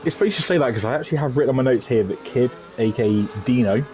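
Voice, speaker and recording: Live stream commentary from a racing league host who jokes and rambles with fillers as he reveals the team draw. He speaks in an animated mid-range voice at a racing pace, through a dull, lo-fi mic carrying faint noise.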